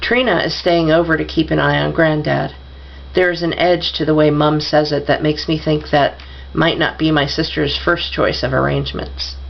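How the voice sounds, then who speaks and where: Low gravelly woman reading a novel. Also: little pitch movement, moderate pace, lo-fi sound. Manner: reads dialogue with mild voice shifts. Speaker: audiobook reader.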